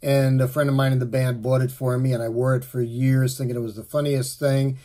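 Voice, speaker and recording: A middle-aged man, a musician, giving relaxed, rambling tips on playing his instrument. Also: medium pitch, a little fast. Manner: relaxed, rambling, with fillers and asides. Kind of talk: casual spoken tip video.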